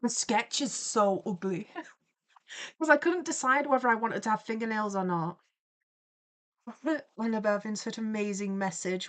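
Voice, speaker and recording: A young woman with a mid-range, slightly bright voice chats casually on a live stream while drawing, speaking a little slowly and pausing often. She greets viewers by name in a playful, giggly way.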